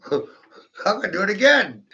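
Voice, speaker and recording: Sharp gravelly man rambling, laughing. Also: sits high. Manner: profane, giggly, keeps breaking into laughter; rhetorical, addresses the listener directly. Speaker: vlogger. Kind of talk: rambling stream-of-consciousness monologue. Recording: dull lo-fi recording.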